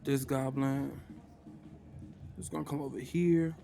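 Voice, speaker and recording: A man's voice: medium pitch, fairly even intonation, measured pace, creaky, dark tone, slight background noise. A man, narrating a tabletop game as game master in a casual way, sighing and muttering to himself.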